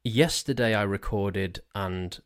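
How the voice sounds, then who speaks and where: A man's voice: lowish voice, slow, clear, resonant tone. Rambling man on a podcast. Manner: rambling, trips over his words; jokey, self-mocking. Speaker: podcast host. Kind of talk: casual solo podcast monologue. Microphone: desk mic on a stand.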